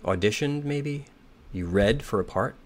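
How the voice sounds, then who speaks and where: A slightly hoarse man thinking aloud as he solves a crossword, reading clues and muttering and second-guessing his answers. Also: fairly low pitch, lively intonation, a little slow. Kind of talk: thinking aloud while solving.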